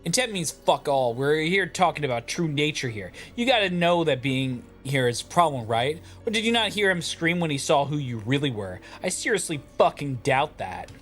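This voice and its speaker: A man's voice: on the high side, sing-song, moderate pace, few pauses, fairly bright tone, soft background music. A man voicing a cocky, foul-mouthed young church executor in a game, talking with swagger. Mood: contemptuous. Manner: swaggering, crude.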